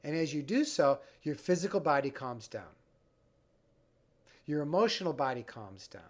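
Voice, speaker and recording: A man teaching a breathing exercise for anxiety, guiding the listener step by step in a calm, instructive way. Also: mid-range voice. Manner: calm, guiding, acts out the panicked mind. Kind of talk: instructional talk.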